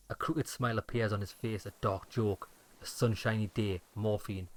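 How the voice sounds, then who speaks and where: A man narrating game text aloud in a steady, plain reading voice. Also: lowish voice, normal speed. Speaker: let's-play narrator.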